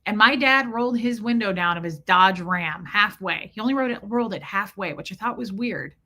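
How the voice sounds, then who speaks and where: A woman's voice: mid-range voice, fairly quick, pushed and bright. A woman from Kansas City, podcast host, telling a personal story candidly and emotionally with lots of "like" fillers. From Kansas City, USA.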